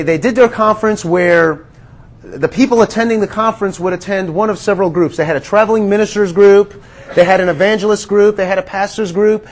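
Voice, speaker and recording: A man preaching a sermon in a conversational, earnest way, calling his listeners friends and sinking to a hush on quiet words. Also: sits high.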